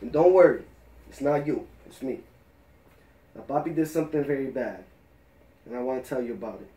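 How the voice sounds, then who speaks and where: A man's voice: medium pitch, brisk, noisy background. A man in a home video, a father teasing his small daughter in a playful, mock-apologetic way after rapping to her.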